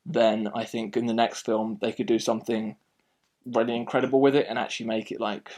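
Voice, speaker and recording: A man hosting a casual film review chat, talking in a rambling, animated way and often restarting his sentences. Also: medium pitch, a little fast.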